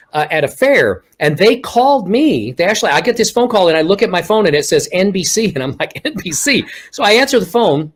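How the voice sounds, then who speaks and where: A man from Texas with no regional accent, a guest telling stories in a casual interview, acting out what people said to him. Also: sits high. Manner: animated storyteller acting out quoted remarks. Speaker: guest, ventriloquist.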